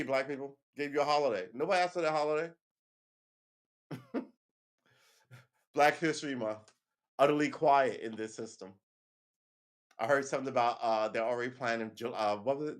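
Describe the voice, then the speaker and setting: A man hosting a casual livestream, ranting with heated emphasis, swearing often and checking in with "right?" between points. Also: medium pitch. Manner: keeps asking "right?" and laughs between points. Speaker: livestream host.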